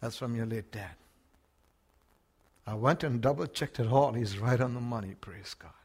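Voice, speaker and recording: An older man with an Australian accent preaching a sermon, swinging from hushed words to shouts. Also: medium pitch, moderate pace, husky.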